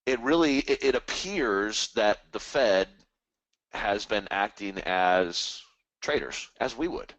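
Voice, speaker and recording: A man's voice: on the low side, lively intonation, slow pace, a bit bright, dry recording. A man hosting a live trading stream, rambling casually and animatedly about markets and the economy, now and then mimicking other people's voices. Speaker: trading webinar host.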